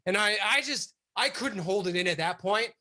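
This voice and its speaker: Bright-voiced man telling a profane story. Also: high-pitched, normal speed. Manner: animated, profane, lots of fillers. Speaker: guest. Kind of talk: casual storytelling.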